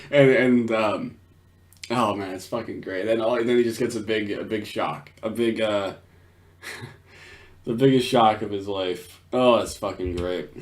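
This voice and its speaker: A man's voice: lowish voice, a little slow. A man giving casual, crude commentary on a video, laughing often and swearing. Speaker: commentator reacting to a clip.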